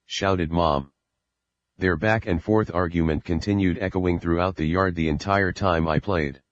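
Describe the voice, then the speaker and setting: A man reading an audiobook in first-person narration, plain and unhurried, in a dull lo-fi recording. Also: sits low, fairly even intonation, no room sound.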